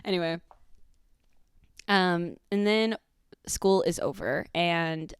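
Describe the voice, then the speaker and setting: A woman, hosting a podcast and telling a profane, animated story in casual chat. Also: fairly low pitch, takes it slowly, clear, resonant tone, no echo. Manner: animated, profane, acts out quotes. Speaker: podcast host.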